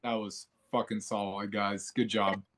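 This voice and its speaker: Halting co-host groping for words. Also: sits low, level tone, crowd noise. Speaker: podcast co-host. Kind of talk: casual movie discussion.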